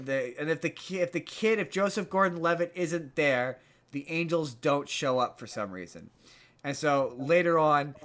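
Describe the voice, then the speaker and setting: A podcast host rambles through a movie recap in casual chat, tripping over restarts and repeated words. His voice is a little high for a man and slightly bright.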